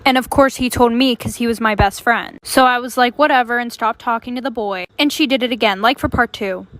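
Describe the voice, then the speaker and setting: A woman's voice: on the high side, brisk, fairly bright tone, no room sound, low-quality recording. A young woman casually telling a story about a friend, a little exasperated.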